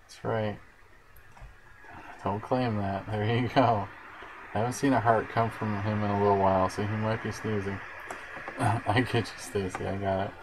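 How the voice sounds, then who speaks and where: Guy with a low gravelly voice, rambling livestream chat, reads out comments. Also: level tone, normal speed, long pauses, background noise. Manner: rambling, chatty, responds to viewer comments. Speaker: livestream host.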